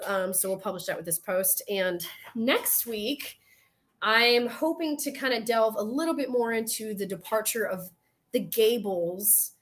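Animated Southern woman telling stories. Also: on the high side, moderate pace. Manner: animated storytelling, acting out quotes, casual swearing. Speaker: podcast host. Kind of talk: casual chat.

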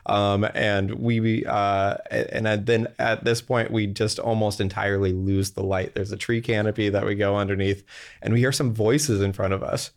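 Speaking at a moderate pace in a lowish, level voice, the young executive wanders through an anecdote during a casual storytelling interview. Fillers and laughter run throughout.

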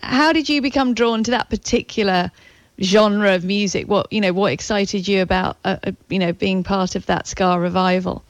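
A woman's voice: mid-range voice, normal speed, dry recording. A woman with a mid-range voice hosts a radio interview. She is attentive and asks careful questions, often nodding along with short "mm"s and "yeah"s. The sound is dry and close. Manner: attentive, with frequent short acknowledgements. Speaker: radio host.

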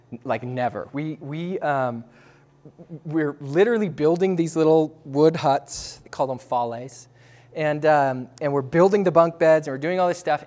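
Male speaker, a bit high-pitched; loose, animated storyteller with casual fillers and laughs. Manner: casual, lots of "like", laughs between phrases. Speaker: speaker sharing a testimony.

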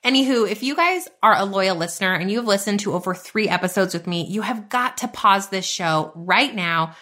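Lady in her 30s hosting a podcast, bubbly and chatty, bright voice. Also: medium pitch, lively intonation, moderate pace. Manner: bubbly, chatty, says y'all and like. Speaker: podcast host. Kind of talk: upbeat podcast monologue.

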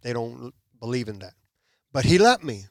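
Speaking at a moderate pace in a mid-range voice, this Puerto Rican podcast guest shares his testimony animatedly, voicing the people in it himself. The audio is studio quality with no room sound.

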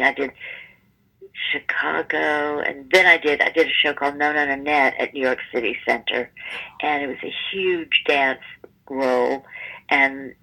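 Bright-voiced woman in her seventies. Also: very deep voice, low-quality recording. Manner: lively, acts out the people in her stories. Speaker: guest, stage performer. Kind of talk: conversational storytelling.

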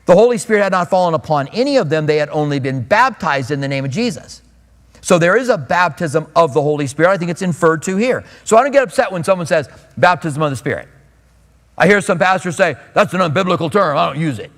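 A man with a high voice preaches casually, slipping into the voices of the people he quotes. The sound carries a long reverb from a large hall. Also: expressive, fast talker. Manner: conversational, acts out quoted voices. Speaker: pastor. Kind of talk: expository sermon.

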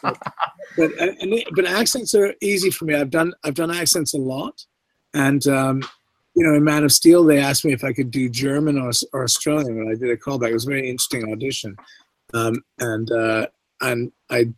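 A man's voice: mid-range voice, steady tone, normal speed, no room sound, rough recording. A middle-aged man from Canada with a faint English inflection in his speech, chatting loosely as an interview guest and often restarting his sentences. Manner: rambling, many restarts and asides. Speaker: guest actor. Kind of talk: casual interview chat.

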